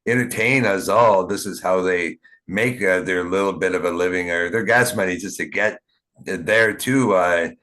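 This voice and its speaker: A man from Canada hosting a podcast, talking in a casual, rambling way with many fillers and halting restarts. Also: sits low, sharp tone. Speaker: podcast host. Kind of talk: casual interview chat. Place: small town.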